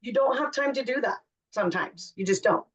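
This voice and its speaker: A woman's voice: on the high side, brisk. A woman host tells candid, chatty stories about her busy family life in a casual way. Her voice sounds distant from the microphone and muffled, with a dull, lo-fi tone. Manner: chatty, candid, self-deprecating storytelling. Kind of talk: casual chat.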